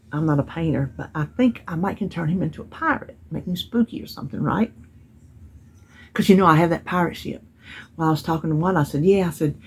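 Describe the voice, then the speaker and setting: A woman vlogger with a husky, darkish voice on the low side casually talks at home about her purchases and mail deliveries. She's chatty and tells stories along the way, using Southern-style grammar in this haul chat.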